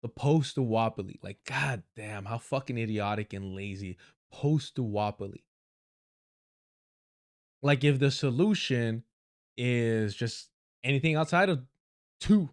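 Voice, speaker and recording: A man's voice: medium pitch, a little slow. A man hosting a livestream, reacting to clips with sarcastic, profane ranting and frequent laughter. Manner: mocking, laughs often. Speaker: livestream host. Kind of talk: live commentary reacting to clips.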